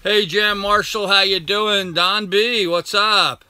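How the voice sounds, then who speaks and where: At home with a dog nearby, an older man hosts a casual live stream on his laptop, greeting viewers one by one by name. His voice is high, steady, slow and sharp, yet clear and resonant.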